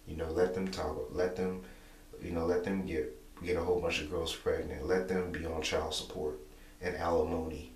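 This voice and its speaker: A young man talking casually to camera, repeating himself and filling pauses with "you know". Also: deep voice, flat delivery, a little mellow. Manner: repetitive, rambling, many "you know" fillers. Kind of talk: casual monologue vlog. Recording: echoey room, distant mic, faint hum.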